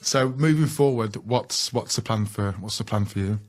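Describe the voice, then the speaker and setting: A man's voice: lowish voice, normal speed. A man interviewing a guest in casual chat, agreeing and prompting him along. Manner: agreeing, encouraging.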